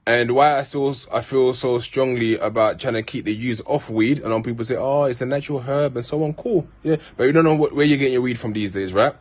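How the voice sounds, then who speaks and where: A South London man talks straight to camera in a loose, rambling way. He circles back and restarts often and drops street slang. His tone is sincere and heartfelt, pitched at a middle level. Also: brisk, few pauses. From Peckham, South London. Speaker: vlogger. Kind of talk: casual storytelling monologue.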